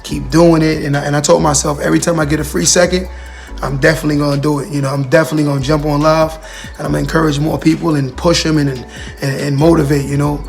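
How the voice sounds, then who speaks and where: A man speaks on a motivational livestream in a gravelly, slightly high voice. He talks earnestly and repeats himself as he addresses his viewers and their comments directly. Soft music plays faintly behind him. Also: little pitch movement, quick pace. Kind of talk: casual motivational talk.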